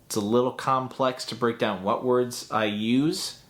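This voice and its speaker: A man's voice: mid-range voice, steady tone, a little slow. A man teaching a voice acting tutorial in an upbeat, chatty way that breaks into laughs at his own asides.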